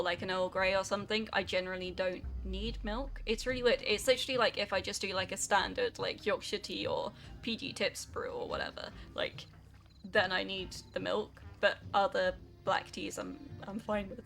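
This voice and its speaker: Young female streamer, rambling and chatty; bright voice with a gravelly texture. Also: mid-range voice. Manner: rambling, chatty, filler-heavy. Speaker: game streamer. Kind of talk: casual chat reading stream chat.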